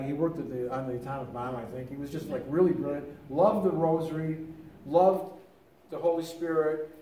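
A man's voice: on the high side, darkish tone, echoey room, distant mic, low-quality recording. An older man giving a casual teaching talk on prayer, telling stories with many restarts. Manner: conversational storytelling with many restarts. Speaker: lay teacher.

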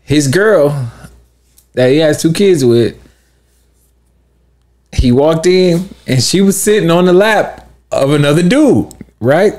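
A man chats casually on a podcast, spinning a long story. He acts out the people in it with sudden loud bursts and breaks into laughter often. His voice sits a little high. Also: expressive, takes it slowly, long pauses. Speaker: podcast co-host.

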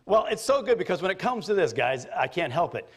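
Brief: male pastor preaching a sermon, somewhat high voice, animated, jokey, storytelling. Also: a little fast, husky.

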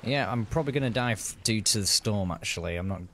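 A man's voice: lowish voice, animated, quick pace, a bit bright, a little hiss or hum. A man giving casual, upbeat commentary while streaming a game. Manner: chatty, upbeat, self-narrating. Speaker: gaming streamer.

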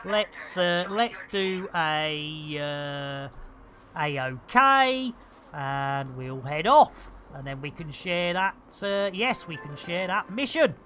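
A woman talks her way through a live game session in an unhurried, drawn-out manner, her voice bright and forward. She keeps up a jokey running patter of slang and small asides. A faint hum sits underneath. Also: lowish voice, expressive. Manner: chatty, jokey, full of playful slang and muttered asides. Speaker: game streamer. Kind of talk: live gameplay commentary.

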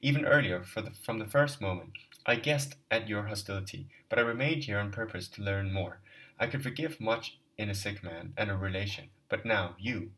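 A man's voice: on the low side, moderate pace, fairly bright tone, far from the mic, natural voice, poor audio. A man voicing a haughty, pompous middle-aged suitor who gets stiff and indignant and stammers when flustered. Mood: cold, offended.

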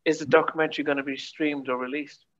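A man hosting a casual interview, asking halting questions with frequent restarts. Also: on the high side, level tone, fairly bright tone, dull audio. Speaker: host.

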